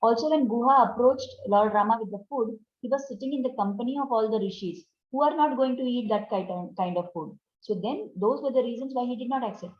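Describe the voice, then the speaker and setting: A woman's voice: a little high, brisk, few pauses. A woman giving a devotional talk on scripture as a spiritual teacher, explaining in a conversational way and often asking her listeners questions. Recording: roomy, dull lo-fi recording.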